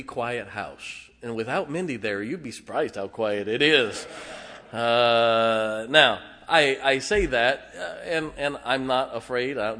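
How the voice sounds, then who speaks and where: A middle-aged man preaching a sermon as pastor, folksy and halting, with many fillers. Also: medium pitch, fairly bright tone, big-room sound. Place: church sanctuary.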